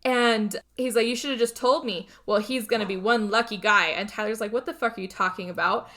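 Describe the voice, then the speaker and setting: A woman's voice: medium pitch, a little fast, sharp tone. A woman co-hosting a podcast, casually retelling a film's plot with lots of acted-out lines and some swearing. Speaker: podcast co-host recapping a film. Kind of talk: casual chat.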